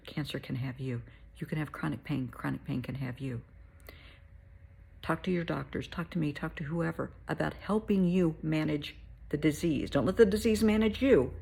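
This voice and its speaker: A middle-aged woman hosting a heartfelt pep talk, soothing and motherly, sometimes dropping to a soft whisper. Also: low voice, gravelly, slightly rough. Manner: soothing, motherly, calls listener honey; drops to soft whispers at times. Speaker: host.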